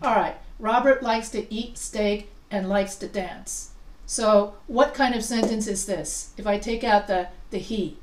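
A woman's voice: medium pitch, a little slow, slight background noise. A woman teaching a writing class, chatty and full of questions to her students, often restarting her sentences. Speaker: writing instructor. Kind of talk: live class lesson. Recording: echoey room, voice from far off.

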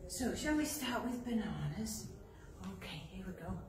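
A woman leading a children's library rhyme session, singing action songs and coaxing little ones along in a lively, playful sing-song. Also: medium pitch, unhurried, recorded from a distance. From England. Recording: echoey room, voice away from the mic, noticeable background noise.

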